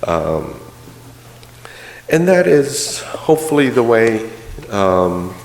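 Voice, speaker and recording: A man's voice: mid-range voice, very animated, very slow, creaky. A male minister giving a sermon in a conversational, storytelling way with light humor. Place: church. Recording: roomy church hall reverb.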